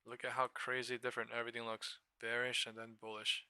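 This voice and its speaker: An excitable man talks through stock charts on a live trading stream, swearing freely and thinking aloud. His voice is very bright and tense, smooth and crisp. The sound is dry and close, with no room echo. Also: mid-range voice, quick pace. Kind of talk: casual live-stream commentary.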